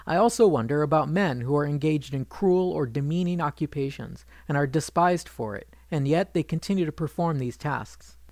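A man reading a retold legend aloud in an even, measured narration, quoting the characters without putting on voices. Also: on the high side, no echo. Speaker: storyteller.

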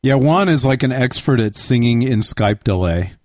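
A man's voice: mid-range voice, animated, normal speed, no room sound, studio quality. A man co-hosting a casual live podcast, teasing the others. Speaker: podcast co-host.

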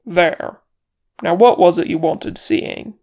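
A reader voicing a gruff, blunt male dwarf warrior in an audiobook, grumbling and plain-spoken. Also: medium pitch, slow, darkish tone. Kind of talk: audiobook character reading.

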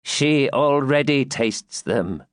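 Brief: vengeful old crone, man reading the part, slow deliberate delivery, lively pitch, close dry sound. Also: clear, resonant tone, no room sound. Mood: accusing. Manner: slow, grim, mocking and solemn. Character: vengeful old woman, a gloating hag. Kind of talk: audiobook character reading.

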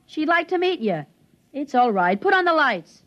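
A woman playing an excitable young boy who pleads and chatters, in a 1950s radio drama. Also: high-pitched, moderate pace, slight background noise. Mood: eager. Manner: excitable, pleading kid talk. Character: eager young boy, stowaway's pal. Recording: dull 1950s radio broadcast, faint music.

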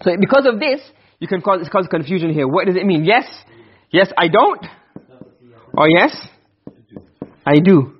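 A man's voice: sits high, expressive, moderate pace, pauses often, husky, highs cut off. A man teaching Arabic grammar in a classroom lecture, explaining step by step and quizzing his students.

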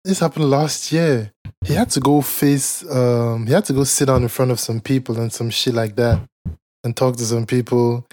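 With a steady, darkish mid-range voice at a moderate pace, the podcast co-host tells profane, wandering stories. His casual talk is full of swearing, fillers and laughs.

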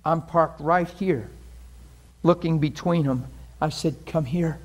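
A man's voice: on the high side, takes it slowly. A man preaching a sermon to a congregation, telling a story in an earnest, conversational way and acting out the voices of the people in it. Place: church in front of a congregation.

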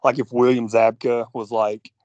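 A man's voice: mid-range voice, little pitch movement, moderate pace, a little mellow, dry recording. A man co-hosting a movie podcast, ranting with lots of likes and swearing in a casual chat. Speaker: podcast co-host. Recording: dull lo-fi sound.

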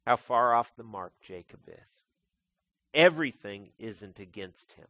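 A man's voice: lowish voice, lively intonation, unhurried, fairly bright tone, no echo. A man preaching a sermon as pastor, talking conversationally and calling his listeners folks.

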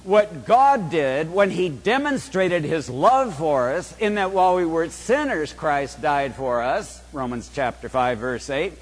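A man preaching a sermon in a church, slow and emphatic, putting rhetorical questions to the congregation. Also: a little high, in a large hall. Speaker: pastor.

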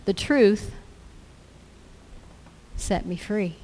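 A woman's voice: medium pitch, drawn-out words, darkish tone. A woman preaching a sermon in an earnest way, repeating scripture lines as declarations.

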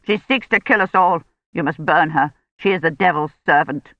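A woman voicing a feverish, bitter old noblewoman who speaks in a sharp, raised, accusing way, in a dull lo-fi recording. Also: deep voice, normal speed, dry recording.

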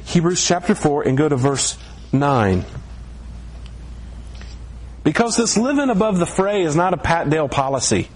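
A man's voice: fairly high pitch, very animated, moderate pace, long pauses. A middle-aged man preaching a sermon in a church, talking in a conversational way and lifting his voice for emphasis. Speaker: pastor. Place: church sanctuary.

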